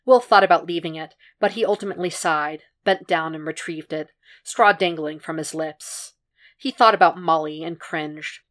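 A woman with a lowish voice narrates a fan fiction podfic. She reads in a measured, even way, keeping the storytelling steady between the characters' lines. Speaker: podfic reader.

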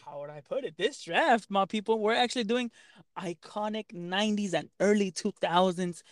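A man's voice: sits high, moderate pace, no echo, studio quality. A man co-hosting a podcast in casual banter, swaggering and teasing with profane slang. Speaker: podcast co-host.

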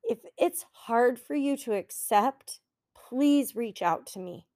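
Middle-aged woman, coach-host. Earnest, encouraging, unhurried delivery in a dry room. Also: on the high side, dry recording. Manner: earnest, encouraging, slow and heartfelt. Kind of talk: reflective solo podcast talk.

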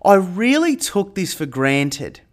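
A man tells a personal story in a loose, conversational monologue. His voice sits a little higher than most men's, and he leans into the retelling, pushing louder when he re-enacts the tense moments. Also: slow. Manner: animated retelling, rising loud when quoting panic. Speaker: airline pilot and marketer.

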